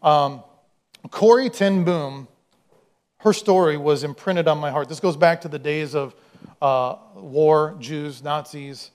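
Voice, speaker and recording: A man with a notably high-pitched voice preaches a sermon. He talks in a loose, conversational way, tells stories and throws questions out to the congregation. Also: slow pace, a little mellow. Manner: conversational, storytelling, acts out quoted voices. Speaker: pastor.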